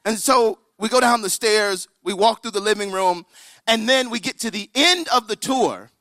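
A man telling a story in a sermon to a live audience, animated and dropping to a whisper for drama. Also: high-pitched, moderate pace, no room sound, studio quality.

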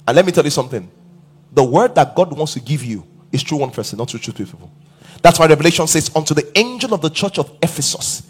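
A man preaching a sermon, asking the congregation questions and building to emphatic shouts. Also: fairly high pitch, animated, quick pace, breathy edge. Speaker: pastor.

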